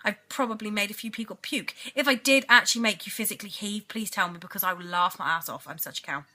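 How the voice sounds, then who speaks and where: A woman's voice: mid-range voice, fast, pushed and bright. A young British woman chatting in a giggly, rambling video diary. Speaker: vlogger.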